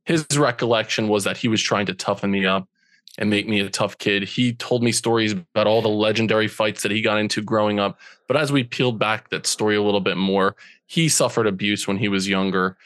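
A man's voice: on the low side, fairly even intonation, a bit bright, no room sound, studio quality. A man in his forties, a podcast guest telling a personal story in an earnest, emotional way. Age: 40s. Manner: earnest, slow and emotional when recalling hurt.

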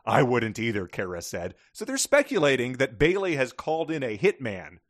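A man chatting on a podcast about a book, his pitch leaping up and down as he jokes. His voice is close and dry, with no room sound. He talks in a wry, playful way. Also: moderate pace, hardly any pauses, dry recording. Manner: wry, animated, breaks into laughter. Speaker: podcast co-host. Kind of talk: casual book-discussion chat.

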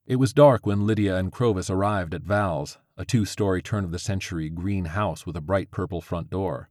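A man narrating a story with a steady, even reading. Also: low voice, moderate pace, hardly any pauses, no echo, studio quality.

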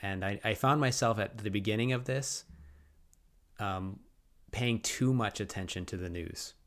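Earnest low-voiced man on a faith podcast. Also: unhurried. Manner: earnest, thoughtful, frequent restarts. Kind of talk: reflective faith podcast talk.

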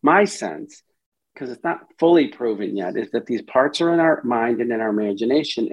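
A man's voice: mid-range voice, breathy edge, poor audio. A man speaking as a therapist and podcast guest, explaining ideas at length and briefly acting out inner voices in quotes. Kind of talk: explanatory interview talk.

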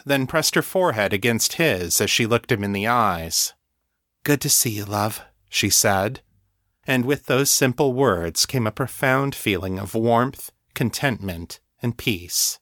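A man reading an audiobook story in calm, measured scripted narration. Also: medium pitch, dry recording, clean studio sound.

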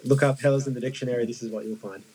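A man's voice: mid-range voice, fairly even intonation, very fast, darkish tone, poor audio. A man in casual chat, joking and restarting his sentences.

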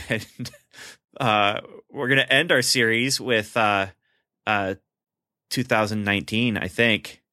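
Chatty podcast host, low bright voice. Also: male voice, fairly even intonation, takes it slowly, long pauses, dry recording, studio quality. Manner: chatty, laughs often, many fillers and restarts. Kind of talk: casual chat.

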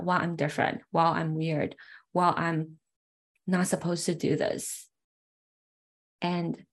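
A young adult woman tells a personal story from her own past in a reflective, heartfelt way. Her voice sits a bit low, and she speaks earnestly with casual fillers.

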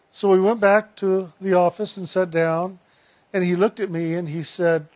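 High-voiced man telling a story. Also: fairly even intonation, normal speed, darkish tone. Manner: earnest, retells dialogue step by step. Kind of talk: personal storytelling.

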